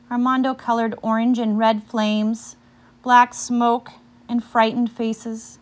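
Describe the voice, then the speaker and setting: A woman reading a picture book aloud, pausing now and then to ask her listeners questions about the story. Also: fairly high pitch, little pitch movement.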